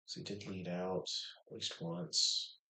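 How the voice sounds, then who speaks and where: Guy streaming poker, lots of ums, mutters low, kinda echoey room. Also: very animated, vocal fry. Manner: halting, thinking aloud with many ums, mutters quietly. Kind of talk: casual commentary while playing online poker.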